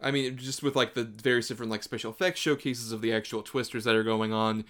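A man's voice: medium pitch, steady tone, fast talker, fairly bright tone. A man co-hosting a podcast, talking casually about a movie in a rambling way full of "like" fillers. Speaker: podcast co-host. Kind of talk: casual film chat.

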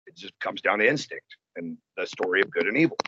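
A man in casual conversation, telling stories in an animated, profane way. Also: low voice, fast, noisy background. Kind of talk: casual chat. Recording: dull lo-fi sound.

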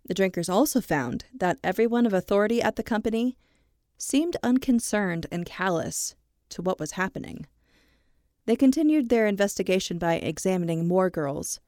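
Woman podcast co-host, lowish voice, steady story read, dry close mic. Casual asides between passages. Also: dry recording. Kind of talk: reading a true story aloud in a casual podcast.

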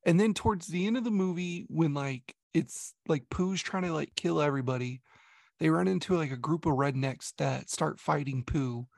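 A man in casual podcast chat, telling a story in an animated, rambling way. His voice sits a little high and has a gravelly fry to it. The sound is dry and close, with no room around it. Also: moderate pace, no echo. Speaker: podcast co-host reviewing a movie.

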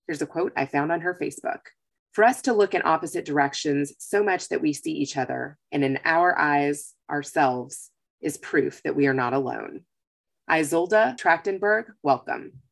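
A woman's voice: low-pitched, moderate pace, creaky. A woman hosting a podcast, introducing her guest in an upbeat, playful way. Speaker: podcast host. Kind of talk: interview hosting.

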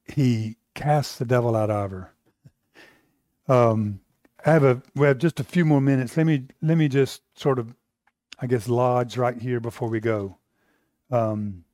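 A man's voice: mid-range voice, mellow, no room sound, clean studio sound. An American man teaching a Bible class, asking the room questions and repeating himself as he builds his points.

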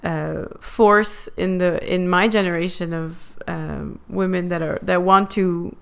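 Low, gravelly woman talking thoughtfully. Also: steady tone. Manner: thoughtful, pauses with fillers. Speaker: podcast guest. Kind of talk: casual chat.

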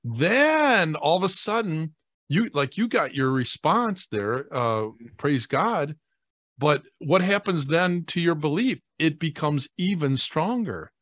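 Animated rambling priest, dry close sound. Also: male voice, fairly high pitch, slow, no echo. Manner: animated, rambling, many fillers and restarts. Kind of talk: casual faith talk show chat.

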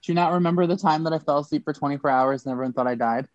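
A man's voice: a little high, racing, no echo, lo-fi sound. A man co-hosting a podcast, making dry jokes in a casual chat.

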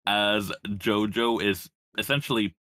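A man's voice: lowish voice, steady tone, unhurried, pushed and bright, no room sound, clean studio sound. A man playing in a tabletop game, cracking jokes with hesitant restarts. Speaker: player.

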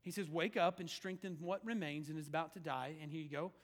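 A male pastor preaching in a conversational way, swinging from loud emphasis to hushed lines in a church sanctuary. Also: on the high side, fast talker, in a large hall. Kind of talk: sermon.

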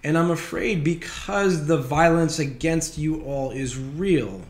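A man's voice: a little high, takes it slowly. A man preaching a sermon as pastor, talking casually and wryly, reading scripture with emphasis. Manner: conversational, wry, reads scripture with emphasis. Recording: roomy echoey sound.

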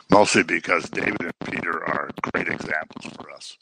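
A man's voice: low-pitched, steady tone, moderate pace, creaky, few pauses, background noise. A man preaching a conversational sermon, full of joking asides and everyday stories.

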